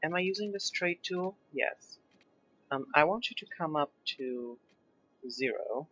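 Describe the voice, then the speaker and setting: This young gaming YouTuber's voice sits a little high, bright and forceful with a slightly rough edge, animated but measured in pace. He is not a native English speaker and has a mixed British-American accent, riffing casually on his gameplay, reasoning aloud and joking about himself. The lo-fi mic sounds slightly dull, and there is faint background music.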